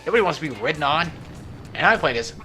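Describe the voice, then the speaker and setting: A man's voice: fairly high pitch, expressive, fast, over music. A young man giving casual, rambling gaming commentary at home, joking and laughing as he drifts off topic. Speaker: let's play host. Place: at home, not alone.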